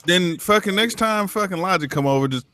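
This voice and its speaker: A brash man hosts a laid-back stream from his desk, needling his friends. His voice is a little high and swoops all over as he jokes. He swears freely. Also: expressive, fairly quick, bright, forceful tone. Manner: brash, teasing, swears often. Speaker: stream host. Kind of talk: casual livestream chat. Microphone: desk mic at computer.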